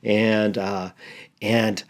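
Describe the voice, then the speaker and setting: A man, a pastor, telling a story in a sermon, halting and repeating words earnestly. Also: lowish voice, level tone.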